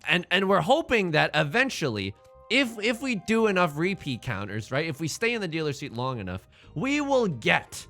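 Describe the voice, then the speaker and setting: A man's voice: a little high, sing-song, normal speed, pushed and bright, faint music behind. A man hosting a let's play with joking, self-mocking game commentary, often pleading with the game for the tiles he wants.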